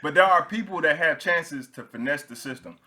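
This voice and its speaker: A young male podcast host with a bright, clear tone, chatting casually. He tells stories with rising energy and laughs as he goes. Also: a little high, a little fast. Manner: animated storyteller, laughs while telling stories.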